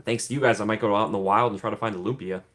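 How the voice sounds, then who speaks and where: This man's fairly low, slightly bright voice stays steady in tone while he talks very fast. Hosting a casual livestream, he reads questions from chat aloud and chats back, often laughing and saying um.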